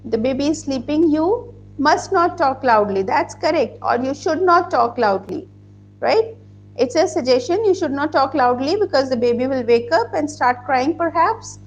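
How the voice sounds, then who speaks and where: Lady teacher, high voice, patient, spells stuff out, bit of hum behind. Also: darkish tone. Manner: explains patiently, spells words letter by letter, mixes Hindi asides. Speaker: English grammar teacher. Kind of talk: online class, reading out student answers.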